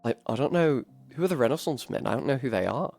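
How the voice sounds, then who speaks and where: A man's voice: mid-range voice, expressive, quick pace, gravelly, darkish tone. A man giving casual, wry commentary as he streams a video game, swearing freely and chatting with his viewers. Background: game music.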